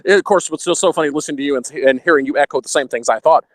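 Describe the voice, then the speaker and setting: A man's voice: on the high side, very fast, no room sound. Chatty Texan man, dry close sound. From Texas. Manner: chatty, laughs between thoughts, puts on a slight radio voice. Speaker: podcast guest. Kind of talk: casual podcast chat.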